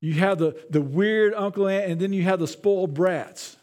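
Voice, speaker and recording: Guy with a high voice giving a sermon, chatty and loose, repeats himself a lot. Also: normal speed, darkish tone. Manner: conversational, repeats words. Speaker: pastor.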